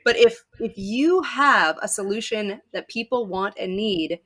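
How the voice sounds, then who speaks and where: An enthusiastic woman guest talks about sales coaching with emphatic passion. Her voice is bright and crisp, set at an ordinary pitch. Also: animated, unhurried. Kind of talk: conversational interview.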